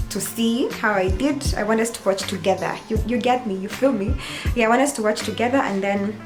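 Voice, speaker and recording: A woman in her twenties with a Kenyan accent, chatting casually to camera in a reaction vlog and switching languages mid-sentence. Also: fairly high pitch. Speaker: YouTuber.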